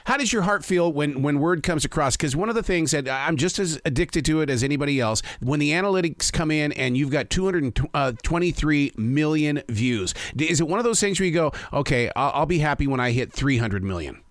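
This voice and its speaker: A man's voice: fairly high pitch, expressive, a little fast, hardly any pauses, no room sound. Enthusiastic male host, long wandering questions, dry close sound. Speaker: interview host. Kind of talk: casual interview chat.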